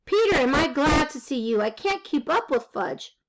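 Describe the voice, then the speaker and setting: A woman's voice: high-pitched, expressive, normal speed, noisy background. A woman reading aloud and voicing an anxious, caring mother who pleads and frets. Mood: fretful.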